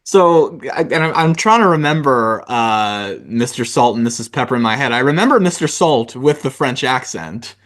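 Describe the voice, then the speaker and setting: A man hosting a podcast interview, speaking casually and haltingly with many fillers and restarts. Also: medium pitch, expressive, a bit bright. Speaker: podcast host.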